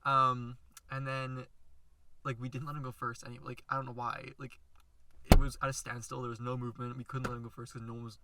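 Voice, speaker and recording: A young man from Canada co-hosting a podcast, telling an animated story and acting out other people's lines. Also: medium pitch, brisk, very noisy. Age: young adult. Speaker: podcast co-host. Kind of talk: casual storytelling chat. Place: outdoors, in a thunderstorm.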